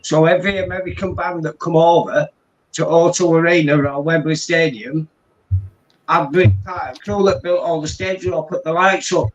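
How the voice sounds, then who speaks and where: A man's voice: fairly high pitch, steady tone, normal speed, highs cut off, a little hiss or hum. Rambling man, middle-aged. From England. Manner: rambling storyteller, keeps saying "do you know what I mean". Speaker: guest. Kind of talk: casual chat.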